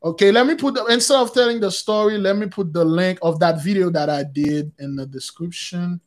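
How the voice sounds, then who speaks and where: High-voiced man giving rambling testimony. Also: brisk. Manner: rambling, with frequent restarts, addressing listeners as brothers and sisters. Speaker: religious YouTube channel host. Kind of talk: casual spoken testimony.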